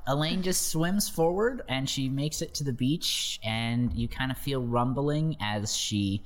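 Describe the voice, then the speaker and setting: A man's voice: mid-range voice, measured pace. A man running a tabletop game as game master, narrating loosely with fillers and chuckles.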